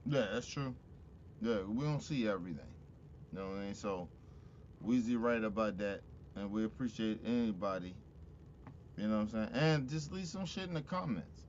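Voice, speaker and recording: A man's voice: on the low side, expressive, moderate pace, a little mellow, muffled recording, a little hiss or hum. A man hosting a casual chat show in a laid-back, slangy way. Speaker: host.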